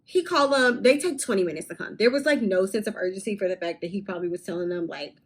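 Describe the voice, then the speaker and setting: A young woman talks straight to her camera, telling a storytime vlog in a candid, animated way. She swears casually and her voice sits at an ordinary middle pitch for a woman. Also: fast talker, slightly rough, rough recording. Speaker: vlogger.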